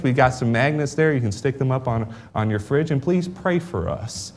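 An earnest young man preaching a missionary sermon in an American accent, though he grew up in England. His voice sits in an everyday middle pitch and lifts into loud, upbeat emphasis when he appeals to the congregation. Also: animated, moderate pace, few pauses.

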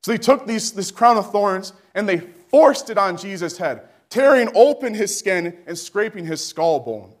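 A man preaching a sermon with fervent delivery that climbs to shouting. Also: high-pitched, very animated, unhurried, hardly any pauses.

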